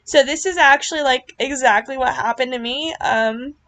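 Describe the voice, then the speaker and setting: A woman's voice: high voice, normal speed, fairly bright tone. Gushing, earnest young-sounding woman. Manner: gushing and earnest, many fillers and apologies. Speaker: vlogger reacting to her club's riding routine. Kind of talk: casual reaction commentary.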